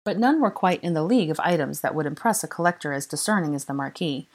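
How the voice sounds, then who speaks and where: A woman narrating a fan fiction audiobook in a measured storytelling manner. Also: deep voice, lively intonation.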